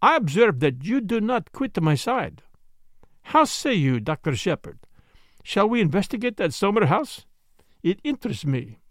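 A man doing a shrewd, fussy older Belgian detective from a storybook, pitched noticeably higher than an everyday voice. He speaks in a precise, formal way, his tone rising and falling a lot. The recording is close and dry. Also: very animated, moderate pace, dry recording. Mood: twinkling.

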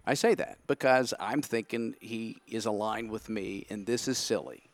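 A man's voice: lowish voice, normal speed, no echo. A man, a podcast guest, telling his side of a story candidly and acting out his own thoughts in quotes.

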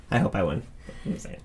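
A podcast co-host chatting casually about books, rambling and animated, often going off on tangents.

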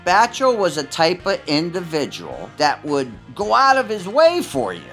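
A man recounting old mob stories in a profane, animated way, acting out what people said. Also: moderate pace, faint music behind. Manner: profane, acts out quotes with big swings in pitch. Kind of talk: animated storytelling.

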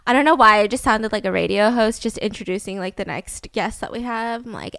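A woman's voice: a little high, brisk, vocal fry, few pauses, pushed and bright, clean tone, dry recording, clean studio sound. Giggly true-crime storyteller woman. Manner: chatty storyteller, giggly, acts out quotes. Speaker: podcast host. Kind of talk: casual true-crime chat.

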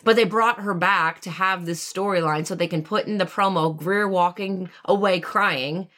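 A woman's voice: lowish voice, normal speed, a bit bright. A woman co-hosting a casual recap chat, gossipy and sarcastic. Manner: sarcastic, gossipy, quotes people in mock voices. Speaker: podcast co-host.

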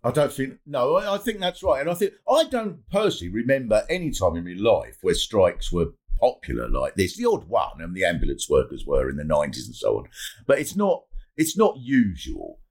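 Deep voiced host guy, swears a lot, voice jumps all over. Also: a little fast, creaky. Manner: swears freely, animated comic delivery. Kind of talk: casual podcast chat.

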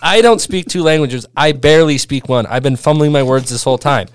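Smooth-voiced man in rambling chat. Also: fairly high pitch, fairly quick, no echo, clean studio sound. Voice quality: smooth, laughing often, rambling with restarts. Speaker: podcast host. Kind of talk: casual chat.

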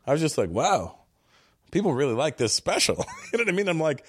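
A man's voice: fairly high pitch, sing-song, quick pace, dry recording, studio quality. A male comedian as a podcast guest at his house, telling stories in a casual chat and laughing often.

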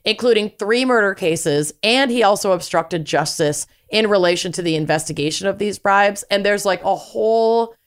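A woman co-hosting a podcast, telling a story in a casual, profane, animated way with plenty of laughter. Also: medium pitch, normal speed, few pauses, smooth. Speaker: podcast co-host.

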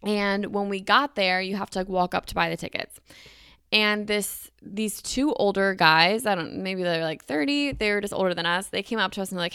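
A woman in her twenties hosting a podcast, telling a story casually with lots of "like" and animated acted-out quotes. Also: moderate pace, smooth, dry recording, studio quality. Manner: animated, acts out quotes with pitch jumps, frequent "like". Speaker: podcast host.

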